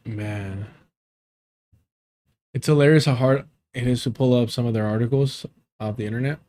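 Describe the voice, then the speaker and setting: Male stream host, mid-pitched voice, loose rambling chat with frequent laughs. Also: moderate pace, mellow. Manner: rambling, laughs often, swears casually. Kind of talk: casual live stream chat.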